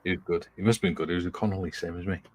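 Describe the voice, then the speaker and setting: A man co-hosting a casual chat, relaxed and thinking aloud, with a dry sense of humour. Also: sits low, racing, soft background music.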